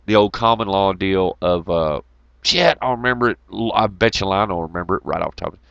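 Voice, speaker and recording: A man's voice: low-pitched, a little fast, gravelly, a bit bright, clear, resonant tone, no echo, dull audio. A man giving a profane, rambling, jokey monologue to his viewers, laughing often. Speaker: YouTube commentator. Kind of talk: casual ranting monologue.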